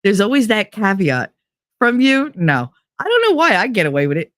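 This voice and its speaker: A woman hosting a podcast, telling a bawdy story in a casual, animated, profane way and acting out what others said. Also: medium pitch, fast talker, no echo, studio quality. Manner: profane, animated, acts out quoted dialogue. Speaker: podcast host.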